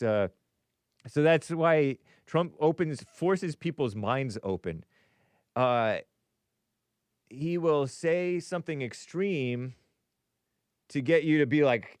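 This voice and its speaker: A man's voice: mid-range voice, clean tone, no room sound, clean studio sound. A man hosting a live call-in stream, musing aloud with frequent chuckles and reading viewer comments.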